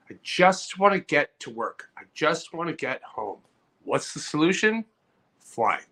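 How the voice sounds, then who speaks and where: A man with a bright, forceful voice that swings up and down a lot as he argues a mock debate. He rambles and jokes with loose, animated energy. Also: a little high, measured pace. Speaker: podcast co-host, debater. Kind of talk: casual comedic debate.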